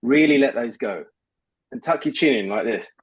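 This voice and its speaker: Male voice coach, breathy, kinda high, giving step by step tips, muffled lo-fi call sound. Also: lively intonation, moderate pace. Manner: patient, instructive, repeats words when starting. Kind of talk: coaching a guest through voice exercises.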